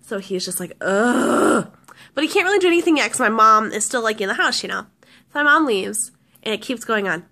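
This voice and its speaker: A woman's voice: on the high side, lively intonation, fast talker, sharp tone. A woman vlogger telling a story casually, rambling with lots of restarts and fillers.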